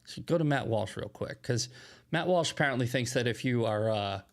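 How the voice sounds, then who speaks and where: A man's voice: medium pitch, expressive, brisk. A man hosting solo political commentary, emphatic and often asking "right?" as he restarts his phrases.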